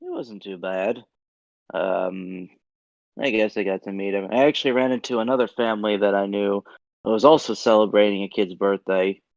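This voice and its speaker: A man's voice: lowish voice, normal speed, gravelly, no room sound. A man chatting casually on a podcast, laid-back and a little hesitant. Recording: dull lo-fi mic.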